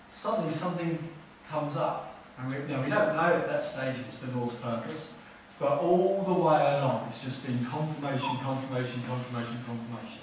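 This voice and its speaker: A man's voice: fairly high pitch, slight background noise. A man preaching a sermon as pastor, in an earnest conversational way that repeats words for emphasis. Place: church hall. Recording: echoey hall, mic far off.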